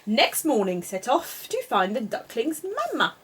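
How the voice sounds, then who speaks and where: Woman, children's story read-aloud, lively sing-song pitch, unhurried. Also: background noise. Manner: slow, expressive, sing-song. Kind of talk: reading a children's picture book aloud.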